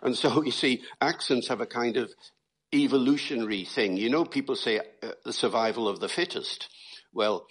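A man's voice: mid-range voice, normal speed, fairly bright tone, husky. A man from Britain, a linguist, explaining accents as an interview guest in an engaging, storytelling way. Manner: storytelling, lecturing.

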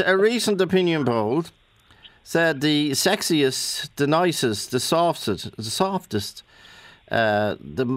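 A man hosting a radio phone-in, his pitch rising and falling in a lively, animated way. He keeps prodding callers with short questions. His voice sits close and dry on a studio mic. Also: no room sound. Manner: probing, interjecting. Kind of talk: casual radio chat. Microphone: studio microphone.

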